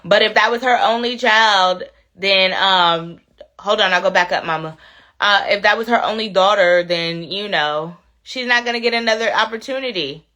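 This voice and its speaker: A woman's voice: mid-range voice, normal speed, sharp tone. A woman hosting a casual livestream, who has a cold, talks straight to her viewers and weighs in on a story she has read out. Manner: chatty, talks straight to viewers with "y'all" and "you know what I'm saying". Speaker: livestream host.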